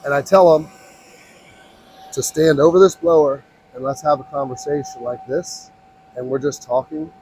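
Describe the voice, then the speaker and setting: A man who owns an inflatables business gives an energetic, repetitive sales pitch at a trade show booth with blowers running nearby. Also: normal speed, slight background noise, low-quality recording. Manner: pushy, energetic salesman, repeats himself. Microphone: mic on, recorded on a phone.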